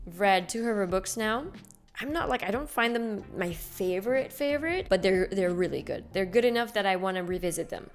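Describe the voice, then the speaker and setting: Chatty woman vlogger, eager and rambling, soft music underneath. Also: mid-range voice. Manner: enthusiastic, rambling, with filler likes. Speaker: book vlogger. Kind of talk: casual chat answering a book tag.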